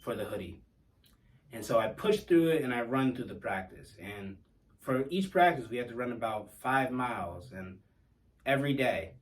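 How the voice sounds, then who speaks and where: A man recounts a personal story in a relaxed, wry tone, poking fun at himself. His voice sits at an ordinary middle pitch. It comes across a little distant from the microphone. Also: moderate pace. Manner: wry, self-deprecating humor.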